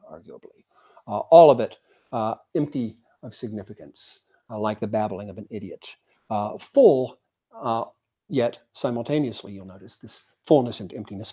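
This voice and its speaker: A man giving a Buddhist dharma talk at a zen center, speaking haltingly with many fillers and reading quotations aloud. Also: lowish voice, mellow, husky. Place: zen center meditation hall.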